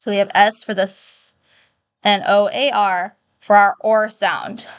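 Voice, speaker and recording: A woman teacher giving a phonics lesson, slowly and patiently sounding out the letters of each word. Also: medium pitch, level tone, clear, resonant tone, no echo.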